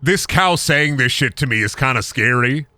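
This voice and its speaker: A man's voice: mid-range voice, expressive, normal speed, bright, forceful tone, no room sound. A young man streaming a game, rambling through goofy jokes, swearing, and chatting with his audience. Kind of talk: casual game-stream commentary.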